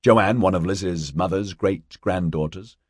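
Deep-voiced man narrating an audiobook. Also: unhurried, slightly rough, no echo, clean studio sound. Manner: steady storytelling with lightly voiced dialogue. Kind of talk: scripted narration.

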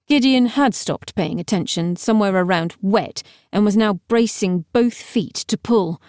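A woman narrates a novel with wry, even storytelling. Her voice sits in a middle range and is recorded dry and close, with no room sound. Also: mid-range voice, unhurried, few pauses, no echo. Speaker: audiobook narrator. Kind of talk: scripted narration.

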